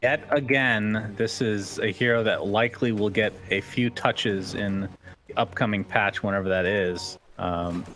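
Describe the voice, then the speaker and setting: A man's voice: lowish voice, measured pace, a bit bright, slight background noise. A man doing live esports commentary, chatting with his co-caster and calling the action. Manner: conversational, asks co-caster questions. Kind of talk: casual live game commentary.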